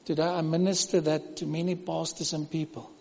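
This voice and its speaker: Brief: high-pitched South African man, pastor, emphatic repeating sermon delivery, muffled church-hall echo. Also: flat delivery, fairly quick, gravelly, breathy edge. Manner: emphatic, repetitive preaching with sudden drops to a hush.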